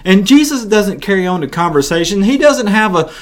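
A man delivers a sermon, retelling scripture with animated storytelling and frequent restarts. His voice sits slightly higher than most men's. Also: fairly quick. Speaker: preacher.

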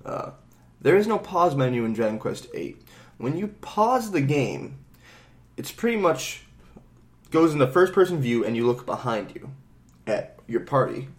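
A man's voice: mid-range voice, very animated, measured pace. A man co-hosting a podcast, rambling casually about a video game, swearing freely and acting out bits of dialogue. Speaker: podcast co-host.

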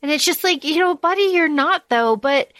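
A woman's voice: high-pitched, lively intonation, moderate pace, a bit bright, no echo. A woman co-hosting a podcast in casual chat, rambling with many restarts and fillers. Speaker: podcast co-host.

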